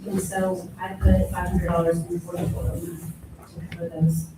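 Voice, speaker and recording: A woman's voice: lowish voice, level tone, moderate pace, heavy background noise. A woman, the county clerk, plainly walking commissioners through her budget. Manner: plainspoken, matter-of-fact, self-correcting. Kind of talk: budget presentation at a public meeting. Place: county meeting room. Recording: very echoey room from a distant mic.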